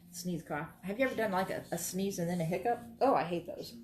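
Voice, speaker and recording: A woman's voice: lowish voice, a little mellow. A woman teaching quilting in a casual demonstration, chatty and reassuring as she talks while she works at her sewing station. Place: sewing room, moving between workstations.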